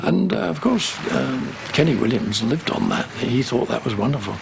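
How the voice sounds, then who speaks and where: A man's voice: medium pitch, expressive, normal speed, creaky, over music. A man in a documentary interview, speaking hesitantly with fillers.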